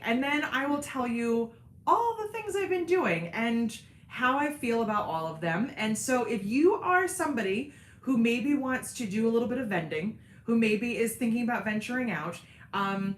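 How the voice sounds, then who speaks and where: A woman's voice: on the high side, fairly bright tone, echoey room, slight background noise. A tired woman hosting a casual livestream from home, talking candidly and rambling with lots of "um"s. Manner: candid, self-deprecating, rambling with many "um"s. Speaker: host of a sewing and cork craft channel. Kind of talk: casual livestream chat with viewers. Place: home, seated indoors.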